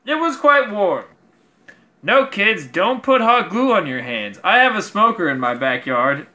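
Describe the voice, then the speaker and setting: A man's voice: sits high, sing-song, normal speed, pushed and bright. A man vlogging as he builds a craft project, rambling casually and swearing freely as he mocks himself. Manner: rambling, profane, self-mocking.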